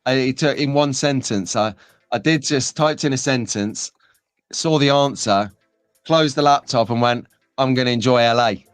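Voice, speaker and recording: A man's voice: mid-range voice, a little slow, no echo. Male host, bantering live-stream chat, dry close sound, faint music behind. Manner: jokey, bantering, laughs often.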